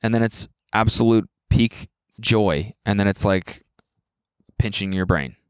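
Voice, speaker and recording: A young man co-hosting a podcast in casual chat, animated and swearing freely as he acts out quoted lines in a raised voice. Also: fairly low pitch, unhurried, clean tone, no echo, studio quality. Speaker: podcast co-host.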